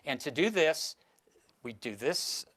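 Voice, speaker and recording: A man on stage works a live audience through a mentalism routine, his voice sitting a little high. He talks in a showy, instructing way, often restarting his sentences mid-thought. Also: lively intonation, takes it slowly, a bit bright. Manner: theatrical, gives instructions, stumbles and restarts.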